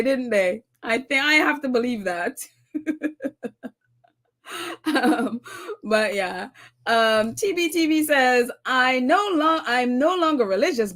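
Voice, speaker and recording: A woman with a high voice hosts a casual commentary stream, reading out viewer comments. Her pitch swings widely and she breaks into laughter between lines. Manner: animated, laughs often, reads comments aloud. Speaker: commentary channel host.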